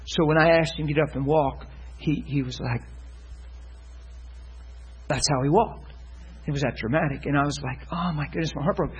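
A man preaching, telling a testimony story in an animated way, acting out the people he quotes and swinging from loud to hushed. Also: on the high side, moderate pace, pauses often, slight background noise, rough recording. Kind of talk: sermon testimony.

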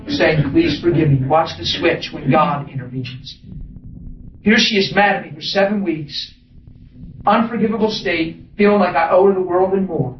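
A man with a high voice preaches a personal testimony, veering from hushed confessions to laughing shouts. He is recorded from a distance in an echoing hall, so the sound comes through muffled, with steady background noise. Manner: animated, laughing, shifts between soft and exclaiming. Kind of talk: sermon testimony.

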